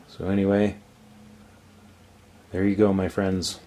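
A man with a low voice who speaks slowly hosts a coin collecting channel, showing off his pieces in a casual show-and-tell vlog. He's relaxed, chatty, and enthusiastic about coins.

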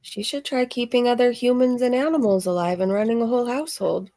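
A woman's voice: a little high, fairly even intonation, quick pace, warm tone. A woman hosting a reaction channel, chatty and sarcastic, laughing often, her voice a little strained. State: voice slightly strained from screaming. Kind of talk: casual reaction commentary.

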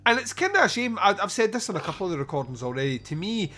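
A podcast host with a high, sing-song voice talks in rapid-fire bursts, his tone bright and forceful. He chats casually and animatedly about a film, swearing and laughing a lot.

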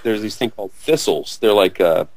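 A man in his forties being interviewed, telling an animated anecdote, acting out quotes loudly and laughing often. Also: lowish voice, moderate pace, no room sound. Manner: excitable storyteller, acts out quotes loudly, laughs a lot. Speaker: actor interviewee.

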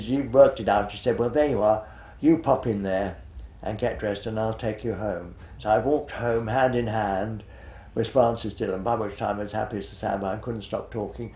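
A man's voice: on the low side, a little mellow, reverberant. A man in his eighties, a retired television director, reminiscing in an interview in a rambling, hesitant way, full of fillers and restarts. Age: 80s.

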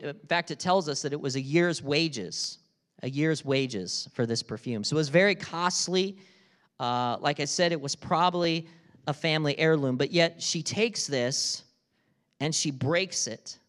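A man's voice: a little high, long reverb tail. A middle-aged man, a pastor, preaching a conversational sermon full of stories and questions to the congregation. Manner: conversational, animated storytelling with rhetorical questions.

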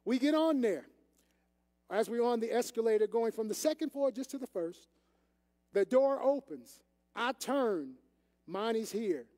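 A man's voice: very high voice, expressive, unhurried, long pauses, mellow. An older man, an assistant pastor, preaching a sermon in a folksy, conversational way and talking straight to the congregation. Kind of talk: sermon with storytelling. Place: church sanctuary. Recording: echoey church hall.

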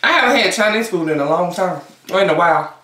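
A woman's voice: on the low side, lively intonation, fast, sharp tone, distant mic, slight background noise. A woman hosting a casual eating-show vlog, chatting directly to her viewers. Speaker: mukbang vlogger. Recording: echoey room, voice away from the mic.

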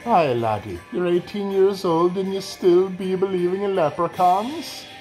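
A man doing a high-pitched Irish leprechaun. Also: unhurried, a little mellow, faint music behind. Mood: sly. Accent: put-on Irish. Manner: high sing-song brogue. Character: cheeky old male Irish leprechaun.

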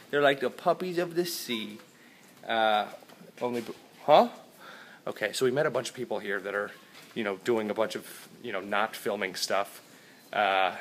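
Brief: man, goofy rambling travel vlogger, tired, handheld camera, faint background hum. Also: on the low side. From Florida, USA. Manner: goofy, rambling, jumps between loud bursts and mumbling. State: tired, out of breath. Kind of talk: hyper casual travel vlog. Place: hotel rooms, halls and balcony.

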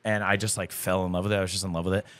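Low-voiced man chatting loosely. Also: flat delivery, racing, a bit bright, clear, resonant tone, dry recording. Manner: loose and chatty, full of "like" and swearing. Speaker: guest musician, band vocalist. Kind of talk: casual podcast interview.

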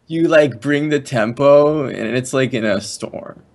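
A man voicing a laid-back male stoner dude in a slow, drawn-out drawl. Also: medium pitch, a little mellow, close to an everyday voice. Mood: mellow.

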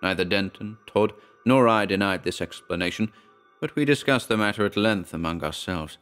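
A man reading a horror story aloud in a measured, grave narration. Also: lowish voice, a bit bright, faint music behind. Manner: measured, grave storytelling with quoted dialogue read plainly.

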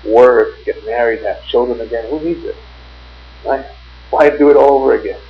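A man lecturing voices a serene rabbi father explaining his calm after a loss, quoted in a story. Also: medium pitch, moderate pace, muffled recording, a little hiss or hum, natural voice. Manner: serene, gently reasoning.

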